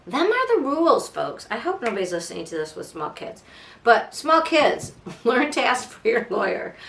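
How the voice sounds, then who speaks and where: A woman's voice: mid-range voice, a bit bright. A woman hosting a casual true crime podcast, sarcastic and fired up, mocking and swearing as she talks. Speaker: podcast host. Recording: echoey room.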